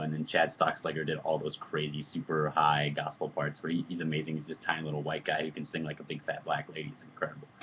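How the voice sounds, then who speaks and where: A man with a low, deep voice talks loosely through fan questions on a live video chat, joking and rambling as he goes. His webcam audio is dull and lo-fi, with a faint hiss underneath. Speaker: musician answering fan questions. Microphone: computer webcam mic.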